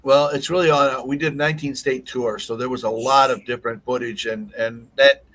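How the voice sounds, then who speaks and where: A man, a country singer-songwriter, guest on a live web radio show, talking in an easygoing, halting way with many restarts. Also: medium pitch, steady tone, fairly bright tone, rough recording. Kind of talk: casual interview.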